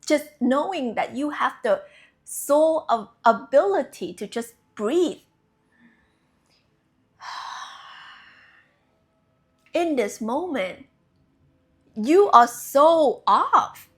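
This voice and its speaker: Speaking to her viewers in a high-pitched voice, a young woman who works as a spiritual coach keeps things casual and animated, laughing easily, joking around, and dropping the occasional swear word.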